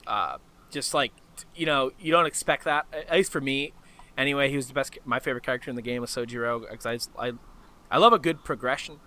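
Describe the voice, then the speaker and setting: A man's voice: mid-range voice, fast talker, sharp tone. A man hosting a casual podcast chat, rambling with many restarts and fillers. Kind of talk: casual chat about a video game.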